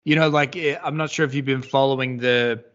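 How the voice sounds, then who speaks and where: Podcast guy, mid pitch, kinda hedgy and rambly, swears, audio a bit muffled. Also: steady tone, brisk, fairly bright tone. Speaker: podcast co-host. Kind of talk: casual chat. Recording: slightly dull audio.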